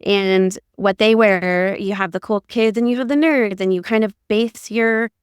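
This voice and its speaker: Middle-aged woman from ohio, rambly podcast chat, smooth clear voice. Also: medium pitch, measured pace, no echo, studio quality. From Ohio, USA. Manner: chatty, rambling with many "like"s. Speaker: podcast co-host. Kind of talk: casual conversation.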